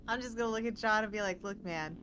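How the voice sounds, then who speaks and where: A woman's voice: fairly high pitch, a bit bright, slight background noise. A woman playing in a live tabletop game, giggly and teasing, acting out her character's lines. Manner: giggly, teasing, acts out quotes. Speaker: player.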